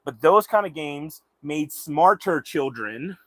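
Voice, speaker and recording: A man's voice: on the high side, animated, slow pace, a bit bright, no room sound. A man hosting a livestream in casual chat, rambling and swearing freely. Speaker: livestream host.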